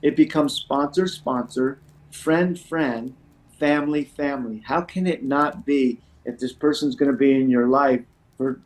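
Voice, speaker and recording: A middle-aged man talking as an interview guest in a casual, earnest way. He speaks with passion, stumbling over restarts and leaning on "you know" and "right?". His voice sits at an ordinary pitch for a man. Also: unhurried, low-quality recording. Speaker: guest speaker in addiction recovery.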